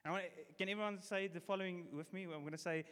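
A man preaching a sermon, casual and energetic, leading the congregation in call-and-response. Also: sits high, rapid-fire. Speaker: pastor. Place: church hall. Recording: long reverb of a church hall.

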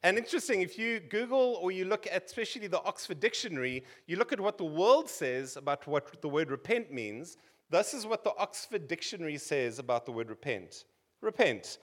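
Man, South African accent, forties, high voice, preaching, conversational, joking asides. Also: big pitch swings, moderate pace. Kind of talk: sermon.

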